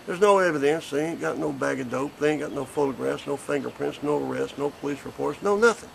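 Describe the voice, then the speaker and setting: Gravelly blunt grandfather in his fifties. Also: medium pitch, fairly quick, hardly any pauses, slight background noise, low-quality recording. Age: 50s. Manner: blunt, indignant, folksy. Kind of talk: recorded statement. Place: porch outdoors.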